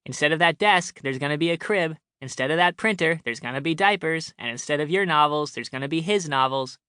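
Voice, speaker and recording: A teasing, pushy mother-in-law with a sing-songy lilt, put on by a man reading an audiobook. She pitches up a little and sounds crisp and bright. The reading is dry and close. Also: fairly quick, no echo.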